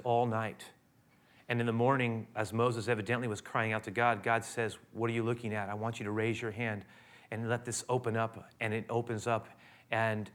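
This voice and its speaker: Bright, forceful male preacher. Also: mid-range voice. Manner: dramatic, swinging between raised and hushed delivery. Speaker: pastor. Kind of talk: sermon.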